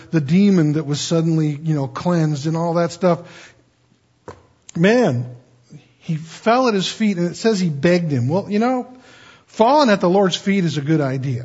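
A man with a husky, slightly high voice preaches a folksy, conversational sermon. He stumbles and restarts often. The church recording sounds dull and muffled. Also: a little mellow. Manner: folksy, stammering restarts, acts out quoted pleas. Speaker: pastor.

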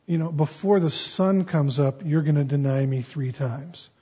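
Brief: male preacher voicing a calm, gentle man, quiet and husky. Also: on the high side, moderate pace. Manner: soft and quiet. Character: gentle, calm grown man, Jesus as a teacher. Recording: dull lo-fi recording.

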